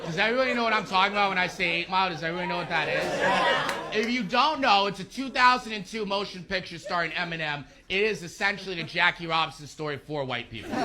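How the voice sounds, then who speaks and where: A man's voice: high voice, heavy background noise. A man doing a stand-up set with a dry, sarcastic delivery. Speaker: stand-up comedian.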